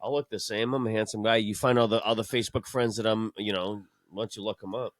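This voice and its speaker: A man's voice: on the low side, steady tone, quick pace, no echo, clean studio sound. A middle-aged man co-hosting a podcast in casual chat, swearing freely and breaking into laughter. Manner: crude, breaks into helpless laughter. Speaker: podcast co-host.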